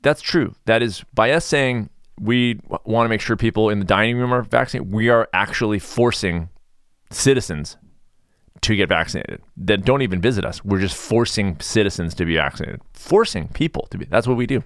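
Mellow, sarcastic male podcast host. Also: lowish voice, a little fast, no room sound, studio quality. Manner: chatty, rambling, sarcastic. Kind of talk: casual podcast monologue.

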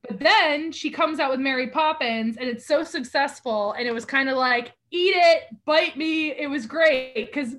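A woman's voice: high-pitched, normal speed, few pauses, a bit bright. A woman co-hosting a podcast, chatting casually and expressively, teasing with fondness. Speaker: podcast co-host. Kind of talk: casual chat.

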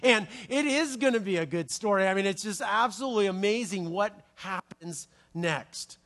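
A man preaching a sermon, telling a Bible story with playful asides and quick restarts. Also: high voice, a bit bright. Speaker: pastor.

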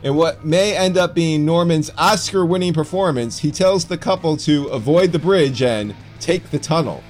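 A man's voice: fairly high pitch, normal speed, faint music behind. A man co-hosting a fan podcast who recaps the story with wry, sarcastic asides and speaks with a slight lisp. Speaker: podcast co-host. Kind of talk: casual podcast chat and plot recap.

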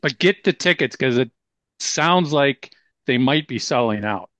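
A man's voice: mid-range voice, animated, measured pace, fairly bright tone, dry recording. A man hosting a podcast in a casual, upbeat chat, often stumbling over his words. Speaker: podcast host.

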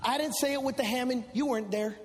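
A man preaching a sermon testimony, swinging from hushed prayer to loud, impassioned shouting. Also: very high-pitched, fast talker, breathy edge, in a large hall, rough recording. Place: church.

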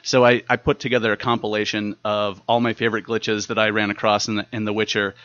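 A man's voice: lowish voice, flat delivery, fast, a bit bright, no room sound, muffled recording. A man guesting on a podcast, easygoing and jokey. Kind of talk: casual chat.

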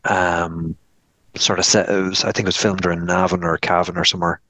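An Irish man with a fairly low voice chats about films on a podcast. He rambles and restarts a lot, slipping into little acted-out quotes of his own thoughts. The sound is dry and close, with no room echo. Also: level tone, fairly quick, sharp tone. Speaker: film review podcast co-host. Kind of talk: casual film review chat.

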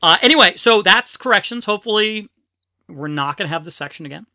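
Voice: mid-range voice, animated, fast talker, sharp tone, dry recording, studio quality. A podcast host chatting casually and poking fun at himself, who sometimes giggles. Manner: self-deprecating, giggly.

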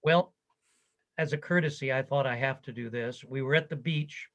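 An older man, the interviewee, recounting his career story in a conversation, animated and quoting others as he goes. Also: mid-range voice, moderate pace, rough recording.

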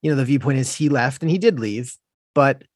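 A man's voice: medium pitch, a little fast, husky, no room sound, studio quality. A man hosting a casual chat, mostly listening and giving easygoing, agreeable replies.

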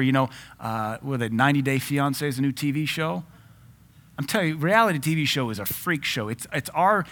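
A man in his forties from the United States preaching a sermon as pastor, in a lively, joking way with frequent laughs. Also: medium pitch.

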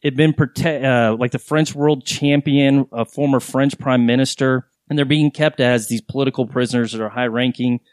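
A podcast host with a medium-pitched, fairly even voice tells long, candid stories in casual chat, swearing now and then. He speaks at normal speed with hardly any pauses, and the recording is dry.

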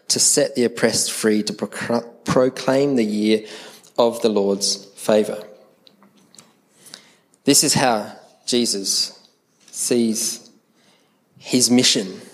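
A middle-aged Australian pastor with an Adelaide accent delivers a sermon. He talks to the congregation in a conversational, animated way, putting on other people's voices now and then. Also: mid-range voice.

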